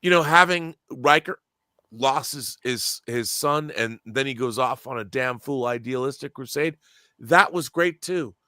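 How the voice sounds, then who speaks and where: A man's voice: mid-range voice, normal speed, sharp tone, dry recording, studio quality. A man in casual podcast chat, emphatic and opinionated, swearing freely and restarting his sentences as he rants. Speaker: podcast co-host.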